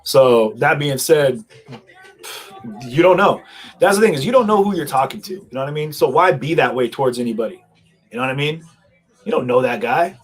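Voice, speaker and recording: A man's voice: mid-range voice, lively intonation, a little fast, long pauses, breathy edge, faint music behind, poor audio. A man hosting a livestream in casual commentary, chatty and rambling, talking into a headset at his streaming setup. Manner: chatty, rambling, laughs at himself. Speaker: livestream host.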